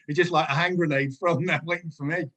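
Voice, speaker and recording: Animated storytelling man, slightly high. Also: quick pace. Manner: animated anecdote-telling, laughs often. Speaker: podcast guest, former footballer. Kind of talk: casual storytelling.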